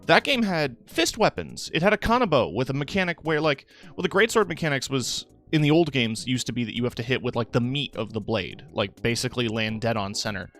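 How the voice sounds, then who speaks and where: A man's voice: medium pitch, fairly quick, few pauses. A young man streaming live, chatting casually with his audience in a rambling, tired way full of fillers. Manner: rambling, relaxed, talks to chat with fillers. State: tired, yawning.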